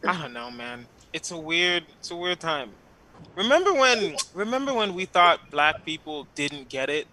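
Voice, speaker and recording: A man's voice: on the high side, big pitch swings, normal speed, bright, forceful tone, slight background noise, low-quality recording. A man doing a rambling stand-up set over a video call, laughing at his own jokes. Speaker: stand-up comedian guest.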